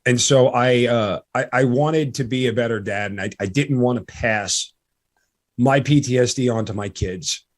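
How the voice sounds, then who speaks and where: Middle-aged guy hosting a podcast, emotional, lots of ums and restarts. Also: mid-range voice. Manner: halting, emotional, many fillers and restarts. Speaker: podcast host. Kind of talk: casual interview chat.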